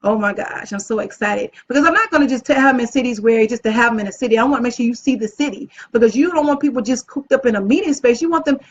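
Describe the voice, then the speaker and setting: A woman hosting a casual live video as an event planner, upbeat and chatty, often gushing about how excited she is. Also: fairly high pitch, quick pace, few pauses, slightly rough. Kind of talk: casual live-stream talk. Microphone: phone or webcam live stream. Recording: dull lo-fi live-stream audio.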